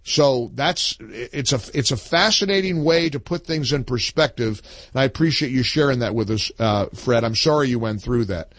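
A man's voice: medium pitch, animated, normal speed, fairly bright tone, no room sound. A man hosting a talk radio show, emphatic and opinionated, taking calls. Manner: emphatic, reads a listener's post aloud with punch.

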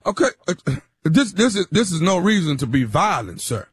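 A man, a radio show regular playing a deadpan, needling prank on a caller. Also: sits high, moderate pace, breathy edge, no room sound, clean studio sound. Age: 50s. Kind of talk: prank phone call, radio comedy.

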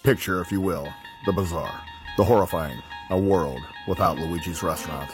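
A man playing an ominous, spooky mystery-show narrator with slow, dramatic pauses in a radio ad. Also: low-pitched, music in the background, natural voice.

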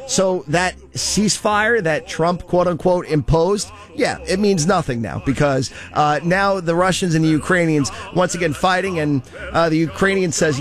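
A man hosts a commentary show in a loose, conversational way, with a sarcastic edge to his remarks. His voice sits a touch high for a man, and soft music plays behind him. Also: normal speed. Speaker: host of a political commentary show. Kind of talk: casual commentary.

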